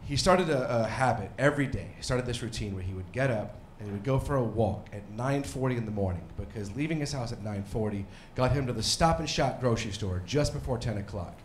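A man in his thirties performing a stand-up comedy set, rambling and self-deprecating, now and then breaking into mock yelling. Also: mid-range voice, a little fast, hardly any pauses, slight background noise. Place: comedy club stage. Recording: roomy club with faint crowd ambience.

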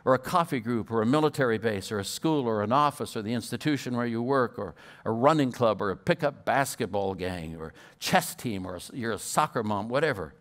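A man's voice: mid-range voice, lively intonation, fairly quick, hardly any pauses, a bit bright. Older man, guest preacher, storytelling sermon, occasional stutter, restarts his phrases. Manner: stutters, repeats words at times.

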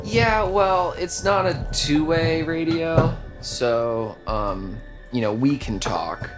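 A man's voice: on the high side, takes it slowly, music in the background. An actor playing a nervous young male camp counselor in a video game, hesitant and full of fillers. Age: young adult.

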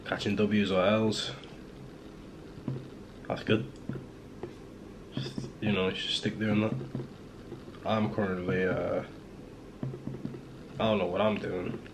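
A young adult vlogger from Liverpool rambles to his camera at home, poking fun at himself and filling the chat with fillers and restarts. His voice is lowish, and the background is noisy.

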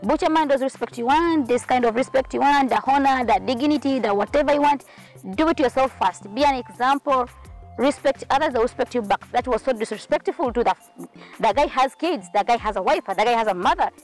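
A woman's voice: sits high, brisk, soft background music, rough recording. A woman vlogger talking straight to her viewers in an outspoken, scolding way. She is sweating in the heat as she talks. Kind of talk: casual vlog rant.

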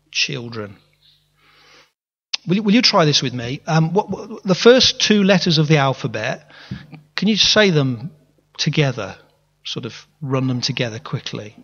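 A pastor with a mid-range, fairly bright voice preaches a sermon in a church hall, animated and at a moderate pace. He's earnest, often restarting his words and putting questions to the congregation. The recording is reverberant and dull, with a lo-fi quality.

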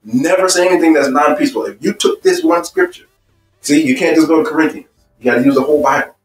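A man's voice: on the high side, wildly swooping pitch, quick pace. A man leads a marriage seminar in a roomy, echoing hall and speaks from some distance off the mic. He asks his audience question after question. Faint music hums underneath. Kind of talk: church seminar teaching. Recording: echoey room, voice from afar, faint music.

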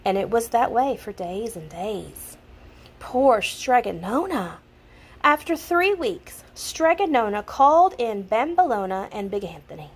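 A woman reading a children's picture book aloud in an expressive storytelling manner. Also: fairly high pitch, measured pace, husky. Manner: expressive, laughs at the funny parts.

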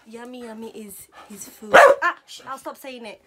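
A woman's voice: a little high, moderate pace, bright, forceful tone, breathy edge. A young woman vlogger chatting playfully with her dog, slipping into baby talk and laughing often. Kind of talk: casual chat with her pet.

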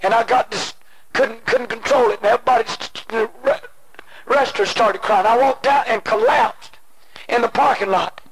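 Impassioned preacher on an old cassette. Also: male voice, very high voice, animated, moderate pace. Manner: impassioned, swinging between shouted pleading and hushed storytelling. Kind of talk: sermon. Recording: noisy old cassette tape.

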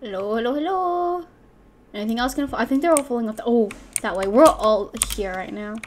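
A young woman chatters through live gameplay commentary, breaking into loud excited yelps and muttering to herself between rounds. Her voice sits a touch high, with a faint hiss of noise underneath. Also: fairly quick. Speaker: gaming channel host.

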